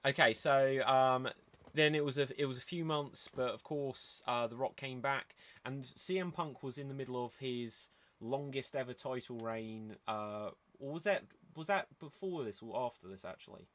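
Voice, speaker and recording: A man's voice: medium pitch, normal speed, fairly bright tone. A man hosting a casual podcast, steering the talk with questions and hesitant fillers. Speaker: podcast host.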